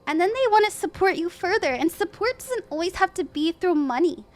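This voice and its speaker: A woman's voice: extremely high pitch, animated, brisk. A woman hosting a casual live-stream tarot reading, bubbly, giggly and encouraging as she gives advice. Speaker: tarot reader and livestream host.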